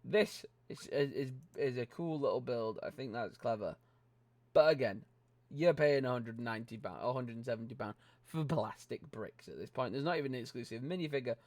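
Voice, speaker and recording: A man's voice: medium pitch, a little fast, darkish tone, no room sound. A young British man hosting a LEGO vlog, ranting bluntly about set prices and swearing casually into a close microphone. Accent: British English. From Britain. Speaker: LEGO channel host. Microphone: close desk microphone.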